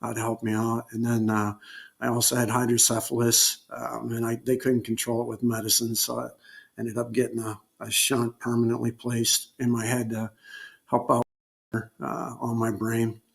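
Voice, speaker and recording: A man recounting a personal ordeal as an interview guest, speaking haltingly with frequent pauses and filler words. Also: medium pitch, completely flat delivery, gravelly. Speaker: guest telling his survival story. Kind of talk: unscripted personal storytelling.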